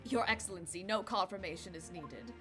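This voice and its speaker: A woman voicing a confident young male defense lawyer in a game, with a put-on British accent in a lowered voice. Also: fairly quick, pushed and bright, faint music behind, close to an everyday voice.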